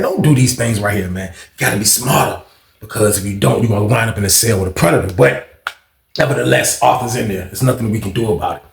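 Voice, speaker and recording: A man's voice: mid-range voice, gravelly, reverberant. A man casually telling a prison storytime in slangy, profane speech, hosting his own channel. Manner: slangy, profane, animated retelling.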